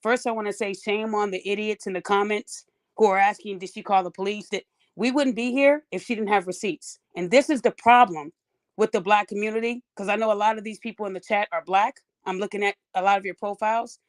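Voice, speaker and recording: A woman's voice: medium pitch, fairly quick. A woman hosting a live-streamed podcast, who is soothing toward her guest and blunt and lecturing toward the chat. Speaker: podcast host.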